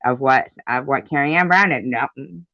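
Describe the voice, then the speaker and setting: Speaking at normal speed in a mid-range voice, a commentary vlogger delivers a profane, indignant and repetitive rant full of anger. The recording is dull and lo-fi, with no room sound.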